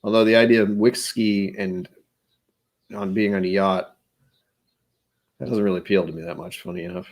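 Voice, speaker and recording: A man with a fairly low voice that swoops up and down with lots of expression. He hosts his own vlog, rambling through casual solo musings and poking fun at himself. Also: expressive, normal speed, vocal fry, long pauses. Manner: rambling, self-deprecating humor. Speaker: vlog host.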